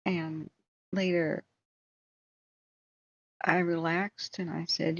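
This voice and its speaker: A woman's voice: on the low side, normal speed, long pauses, breathy edge, dry recording, highs cut off. A woman hosting a livestream, telling a long story in a casual, rambling way and breaking off for asides. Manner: rambling, animated retelling with asides. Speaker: livestream host.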